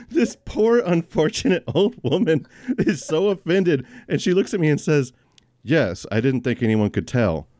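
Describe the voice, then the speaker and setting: A man's voice: fairly high pitch, animated, dark tone, dry recording, clean studio sound. A man hosting a comedy podcast, telling stories in casual chat and laughing through them. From raised in a preacher's family. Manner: laughs through his stories, quick asides. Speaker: podcast host.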